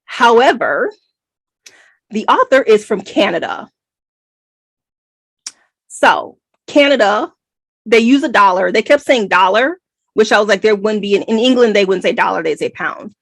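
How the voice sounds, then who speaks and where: An American woman co-hosting a book podcast, talking in an emphatic, animated way. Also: medium pitch, unhurried, pauses often, no room sound. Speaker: podcast co-host. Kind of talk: casual book review chat.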